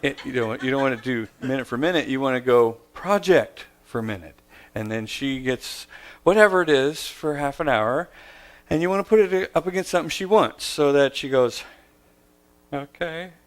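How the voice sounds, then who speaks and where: A middle-aged man giving parenting advice as a story, acting out both sides of a conversation and jumping into a high voice for a child's lines. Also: animated, moderate pace. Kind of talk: storytelling talk.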